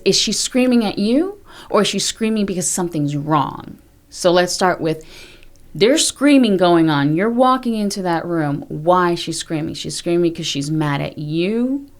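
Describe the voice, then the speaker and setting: A middle-aged woman with a fairly low voice talks openly as a podcast guest. She is blunt and emphatic and drops swear words without hesitation. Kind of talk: candid conversational interview.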